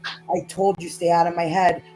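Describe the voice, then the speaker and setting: A woman's voice: fairly low pitch, little pitch movement, normal speed, mellow, faint music behind, natural voice, rough recording. A woman voicing a captive male fallen fairy in a tabletop game, defiant and desperate. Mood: bitter.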